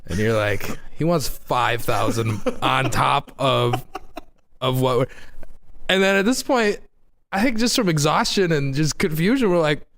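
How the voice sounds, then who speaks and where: A man's voice: medium pitch, measured pace, creaky, a bit bright. A man hosting a casual podcast chat, laughing often and chiming in with agreement. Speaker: podcast host.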